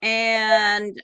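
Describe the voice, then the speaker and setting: A woman with a Southern accent co-hosting a casual livestream chat, explaining things in a measured way. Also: medium pitch, sharp tone, smooth. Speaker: co-host.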